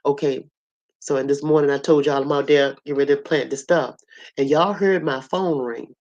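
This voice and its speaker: A hoarse woman with a cough, telling a story to her audience in a blunt, colorful, animated way. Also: deep voice, moderate pace, highs cut off. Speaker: host.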